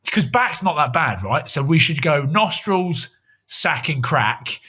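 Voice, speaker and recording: A man's voice: on the high side, big pitch swings, a little slow, pushed and bright, husky. A man in his forties co-hosting a podcast, chatting casually and rambling through jokey ideas. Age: 40s. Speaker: podcast co-host. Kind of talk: casual chat.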